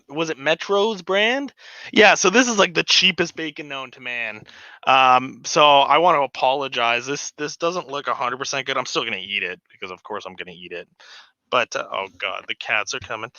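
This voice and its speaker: Chatty man with a bright, lo-fi voice. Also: fairly high pitch, dry recording. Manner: chatty and easygoing, laughs often. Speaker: live stream host. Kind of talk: casual live stream chat. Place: home hobby room. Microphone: desk microphone. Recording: slightly dull lo-fi sound.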